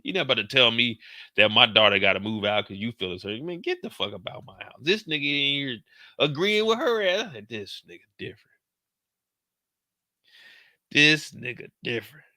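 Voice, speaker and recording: A young man with a bright, forceful voice, riffing casually and profanely as he recaps a show and slips into the characters' lines. The sound is close and dry, with no room around it. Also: mid-range voice, lively intonation, brisk, no echo. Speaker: show commentator. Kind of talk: animated casual recap commentary.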